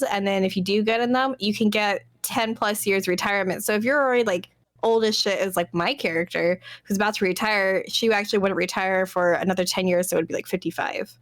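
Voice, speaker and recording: A woman's voice: medium pitch, brisk, no echo. A woman co-hosting a casual live-streamed chat, talking in a chatty, playful way. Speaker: podcast co-host.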